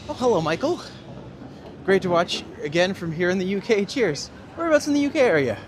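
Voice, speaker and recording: Very animated and brisk, a high-voiced man guides a livestreamed walking tour outdoors through the city. He chats, jokes and answers live chat while walking, with slight noise in the background.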